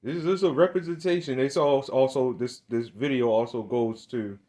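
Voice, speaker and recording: A man's voice: steady tone, a little fast, warm tone. A man giving a preaching monologue, heated and emphatic, with many restarts. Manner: starts low and hesitant, grows heated and emphatic. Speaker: religious video speaker.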